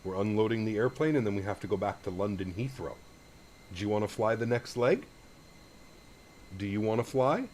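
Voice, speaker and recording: A man's voice: on the low side, expressive, brisk, pauses often, a little mellow, a little hiss or hum. A man from Canada hosting a casual live flight-sim stream, cooing to his dog and talking through cockpit setup steps.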